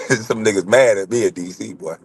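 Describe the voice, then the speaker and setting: A man's voice: lowish voice, breathy edge. A man, hosting a casual livestream and bantering loosely with chat, swearing and laughing. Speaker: livestream host.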